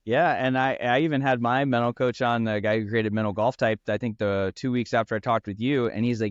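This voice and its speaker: A man's voice: mid-range voice, fairly even intonation, no room sound, lo-fi sound. A man who teaches golf, talking earnestly in a casual podcast chat, with lots of fillers. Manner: earnest, fast-flowing with frequent fillers. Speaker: golf instructor and brand founder.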